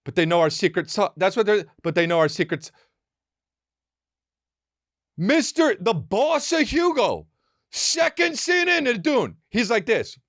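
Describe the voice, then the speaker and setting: Excitable, profane male podcast host. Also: high-pitched, no echo, clean studio sound. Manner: excitable, profane, riffing with quick acted asides. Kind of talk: comedic rambling monologue.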